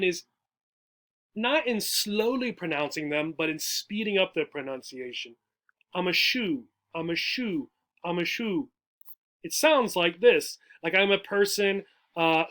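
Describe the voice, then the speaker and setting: Step by step, a man teaches a class of English learners, explaining jokes with slow patience. He is an adult education teacher with a high voice and a bright, forceful tone, and he keeps checking in with his audience.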